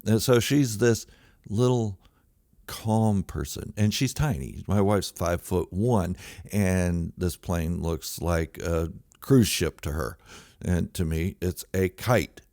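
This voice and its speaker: Deep-voiced man telling a comic story. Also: slow pace, dry recording, studio quality. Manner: excitable, exaggerated, swings between loud outbursts and low mutters. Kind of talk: comic true-story monologue.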